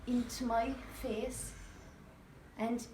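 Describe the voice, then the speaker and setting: Irish woman, high voice, impassioned audience speech, distant mic, echoey noisy hall. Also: little pitch movement, extremely slow. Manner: earnest, storytelling, rising to a rallying call. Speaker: campaigner speaking from the audience. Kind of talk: impassioned public meeting speech. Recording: echoey hall from far off, background noise.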